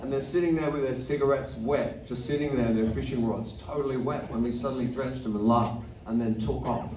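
A man's voice: medium pitch, fairly even intonation, brisk, a little mellow, distant mic. Male musician, on-stage banter, wry and profane, live in a roomy theatre with faint crowd noise. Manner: loose, profane, self-mocking storytelling. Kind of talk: rambling stage banter between songs.

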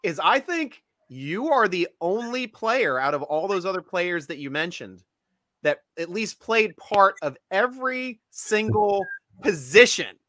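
A man's voice: sits high, lively intonation, measured pace, sharp tone, no echo. A man co-hosting an interview, asking follow-up questions with eager interjections. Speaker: co-host. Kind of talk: casual interview chat.

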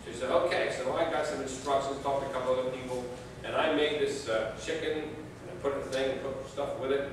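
A man's voice: mid-range voice, little pitch movement, fast, background noise. A man preaching a sermon as pastor, telling stories with folksy humor. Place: church sanctuary. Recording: distant mic in echoey church.

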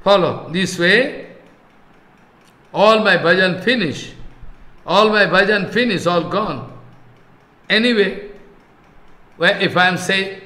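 A man teaching a scripture class in a high voice. He speaks haltingly, circles back over his phrases, and slows down to chant verses. The room gives his voice a noticeable echo. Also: bright, forceful tone. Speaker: spiritual teacher.

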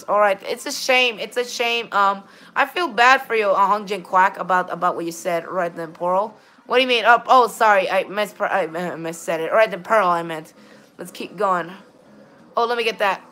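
A woman's voice: medium pitch, moderate pace, bright, forceful tone, soft background music. A woman chatting casually with viewers while streaming a game, often stammering, restarting and saying "all right, then". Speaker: gaming livestreamer. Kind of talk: casual livestream chat with viewers.

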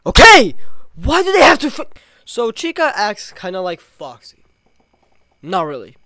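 A jumpy horror gamer whose pitch swings wildly while they stammer and swear through the game. Game music plays clearly underneath. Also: very animated, moderate pace, pauses often, a bit bright. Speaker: gameplay streamer.

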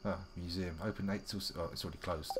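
A man streams gameplay and talks to himself quickly in a low, steady voice, his commentary chatty and wry. The recording is very noisy.

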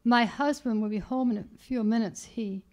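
A woman's voice: on the high side, moderate pace, lightly acted. Woman reading as a frightened pleading mother. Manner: strained, pleading, trying to sound calm. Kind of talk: literary reading.

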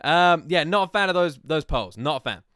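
A young British man talking in a high, lively voice that jumps all over the place. His tone is bright and sharp as he rants playfully, peppered with swearing. It sounds dry and close, with no room to it. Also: a little fast, clean tone, no room sound. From Britain. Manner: animated, joking rants with swearing. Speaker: anime reaction host. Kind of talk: casual reaction commentary.

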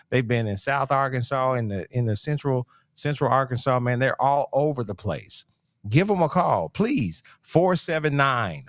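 A man's voice: medium pitch, dry recording. Male podcast co-host, easygoing and slangy, dry close mic, mid-range voice. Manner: laid-back, slangy, laughs often. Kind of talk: casual sports podcast chat and sponsor read.

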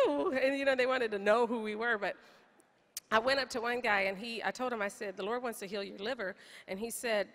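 A woman's voice: fairly high pitch, fairly quick. Woman telling a testimony in a reverberant room. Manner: lively, laughing, acts out voices in quotes. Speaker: street evangelist sharing a testimony. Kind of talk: storytelling testimony.

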